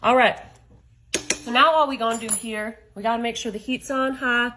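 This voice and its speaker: A woman's voice: a little high, steady tone, normal speed, background noise. Chatty woman cooking at home. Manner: chatty, folksy, talks directly to viewers. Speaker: home cook. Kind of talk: cooking demonstration. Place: home kitchen.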